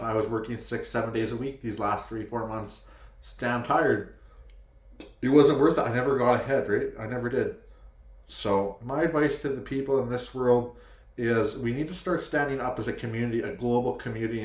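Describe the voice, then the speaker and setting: A man's voice: medium pitch, roomy sound. A man from Canada giving a frustrated, heated rant to the camera, pleading with viewers and leaning heavily on "like". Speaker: vlogger.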